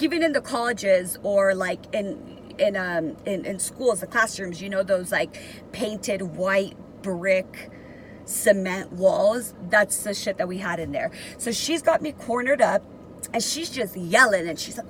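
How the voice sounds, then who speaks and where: A woman's voice: mid-range voice, fairly bright tone, slight background noise, poor audio. A young woman vlogger telling a personal story in a casual, emotional and profane way, rambling with many fillers.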